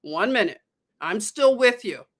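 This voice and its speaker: A woman's voice: medium pitch, animated, unhurried. A woman hosting a casual live stream, chatting with her viewers and often breaking into giggles.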